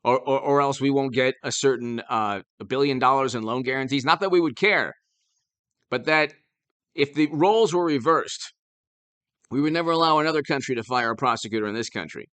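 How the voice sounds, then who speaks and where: A man's voice: mid-range voice, a little fast, a bit bright, clear, resonant tone. A man hosting his own political commentary channel, talking in an urgent, emphatic way and often restarting and repeating words as he argues.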